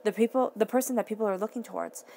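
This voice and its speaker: Woman, tarot reader, earnest and emphatic, some vocal fry, faint background hiss. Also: medium pitch, racing, mellow. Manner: earnest, repeats and restates phrases; emphatic, talks straight to the listener. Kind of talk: casual tarot reading to camera.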